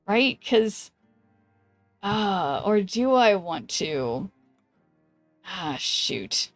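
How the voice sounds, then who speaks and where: A woman streamer chatting casually while she plays a card game, thinking aloud and greeting viewers, with a voice that is going hoarse. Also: medium pitch, very animated, drawn-out words, long pauses, no room sound, soft background music. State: losing her voice. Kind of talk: casual gameplay commentary.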